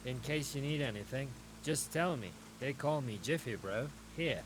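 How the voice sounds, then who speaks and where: A man's voice: mid-range voice, animated, moderate pace, very noisy, lightly acted. Jiffy Bro, a man doing a kindly local. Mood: helpful.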